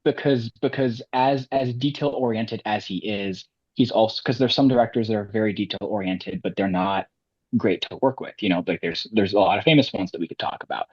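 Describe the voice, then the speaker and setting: A low-voiced man with a husky edge rambles through his opinions, circling back often as he talks. His voice sounds dry and a bit dull, recorded close. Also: a little fast, darkish tone, no room sound. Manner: rambling, many restarts. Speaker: podcast co-host. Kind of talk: casual chat.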